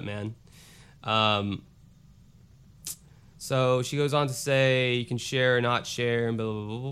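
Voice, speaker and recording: A man's voice: mid-range voice, sharp tone, clean tone. A male podcast host reading listener emails aloud in a loose, casual way, swearing and breaking off into asides. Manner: loose and profane, with restarts and asides.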